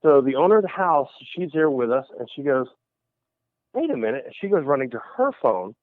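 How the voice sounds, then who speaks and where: A man calls in over a thin, phone-quality line and tells a long investigation story. His voice sits at a middle pitch. He slips into other people's voices while he talks, and the sound is close and dry. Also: brisk, no echo. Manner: animated storyteller who acts out quoted voices. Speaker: paranormal investigator guest. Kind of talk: storytelling in a radio interview.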